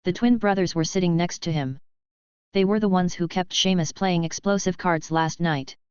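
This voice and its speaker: A woman reading a fan-fiction audiobook in an even, unhurried scripted narration. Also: on the low side, clear, resonant tone, dry recording, highs cut off.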